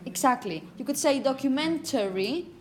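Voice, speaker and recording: A woman teaching phonetics to a class, saying example words slowly and often asking "okay?". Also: sits high, animated. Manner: repeats words slowly to model pronunciation; asks "okay?" often to check understanding. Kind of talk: classroom lecture.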